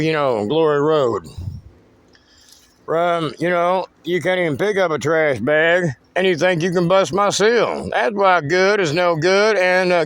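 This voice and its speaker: A man's voice: high voice, fairly bright tone, clean tone, no echo. A man giving a rambling, cryptic walking tour of his wooded land outdoors, swearing freely. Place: outdoors in woods.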